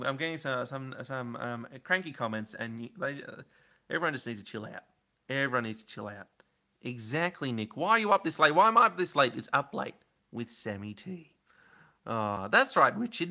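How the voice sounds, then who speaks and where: Bright-voiced streamer. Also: male voice, a little high. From Australia. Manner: rambling, chatty, answering chat comments. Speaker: livestream host. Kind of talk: casual live-stream chat.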